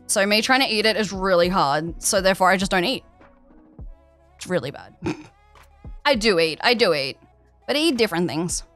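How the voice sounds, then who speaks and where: A woman's voice: medium pitch, a bit bright. Chatty Australian woman streamer. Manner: rambling, chatty, reads and answers chat. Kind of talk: casual chat while gaming. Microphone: headset.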